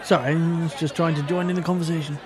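A man's voice: a little high, fairly even intonation, fast, a faint crowd, lightly acted. A man playing a clueless, bumbling diner who stammers and blusters. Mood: blustering.

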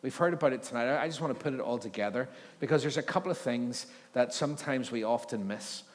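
A man's voice: mid-range voice, fast talker. A male pastor preaching at an evening church service, mixing scripture reading with jokey, conversational asides. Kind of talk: sermon with Bible reading. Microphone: handheld or stage mic with feedback. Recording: long hall reverb.

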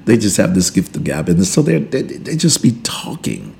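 A man, a pastor hosting a podcast, teaching in a relaxed conversational way, repeating and restarting words and chuckling between points. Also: low voice, normal speed, creaky, slight background noise. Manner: emphatic, preacherly build-ups.

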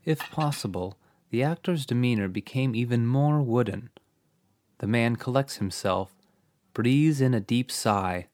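A man's voice: mid-range voice, a little slow, a little mellow, no echo. A man narrating a comic story in a dry, matter-of-fact way.

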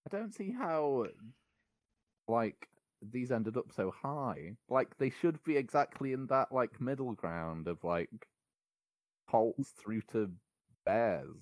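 A man's voice: mid-range voice, sing-song, takes it slowly, a little mellow, no echo. A man co-hosting a sports podcast, joking loosely in casual chat. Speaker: podcast co-host.

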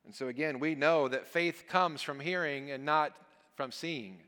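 A man's voice: fairly high pitch, a little slow, pushed and bright. A man preaching as a guest speaker, reading scripture aloud and then explaining it in an earnest, emphatic way. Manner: earnest, emphatic preaching with falling phrase endings. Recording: long church hall reverb.

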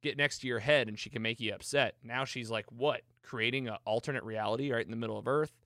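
A man hosting a casual show, recapping an episode in an excitable, chatty way with lots of fillers. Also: medium pitch, quick pace, no echo, studio quality. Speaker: podcast host.

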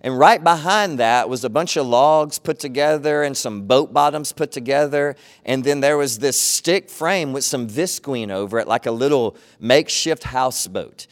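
A man's voice: medium pitch, moderate pace, hardly any pauses. A middle-aged man, preaching a sermon as pastor and telling a personal story in an earnest, conversational way.

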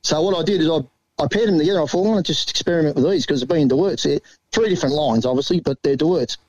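An Australian man with a quick, joking delivery, chatting about pigeons in casual banter. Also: a little high, a little mellow, no echo, muffled recording. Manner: fast-talking, laughing, does mocking voices in stories. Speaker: pigeon fancier guest.

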